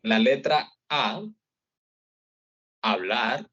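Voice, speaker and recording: A man with a Colombian accent slowly modeling Spanish words for learners, each word said twice. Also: medium pitch, animated, a bit bright. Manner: slow, careful word-by-word pronunciation. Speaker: native-speaker pronunciation model. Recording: dull lo-fi sound, slightly distant from mic.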